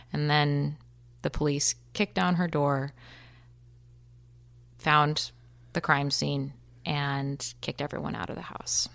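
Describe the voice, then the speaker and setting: A woman in her thirties, a podcast guest, retelling events quickly and vividly, acting out what people said. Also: low voice, level tone, creaky, fairly bright tone. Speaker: interview guest. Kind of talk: recounting a personal story.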